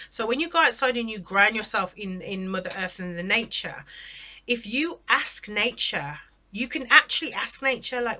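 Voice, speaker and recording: Chatty woman doing a tarot reading, bright tense-ish voice, keeps saying okay?. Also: mid-range voice. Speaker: tarot reader. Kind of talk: casual spoken tarot reading.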